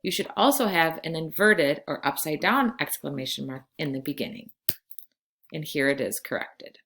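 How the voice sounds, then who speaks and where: A woman in her forties from California, giving a recorded Spanish lesson to her class in slow, clear instructions. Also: deep voice, lively intonation, a bit bright. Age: 40s. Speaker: Spanish teacher.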